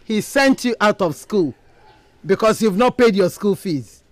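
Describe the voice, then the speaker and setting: A woman's voice: medium pitch, lively intonation, measured pace, no room sound, close to an everyday voice. An actress with a Nigerian accent playing a determined mother who reassures her child and refuses to back down. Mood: firm. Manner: firm, reassuring. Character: determined mother set on paying school fees. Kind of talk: film drama acting.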